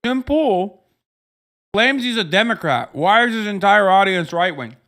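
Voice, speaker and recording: A man in his thirties ranting profanely on a livestream, often switching into loud mocking voices. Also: sits high, animated, unhurried. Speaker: streamer reacting to videos. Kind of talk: casual livestream commentary.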